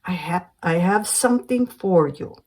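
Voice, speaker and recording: Soft caring doctor daughter, slowing down to coax her mom, woman reading it. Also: lowish voice, animated. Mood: tender.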